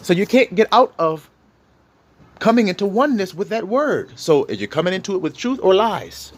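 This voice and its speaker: Animated preaching man, lively pitch. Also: normal speed. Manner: animated, conversational preaching with rhetorical questions. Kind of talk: informal sermon.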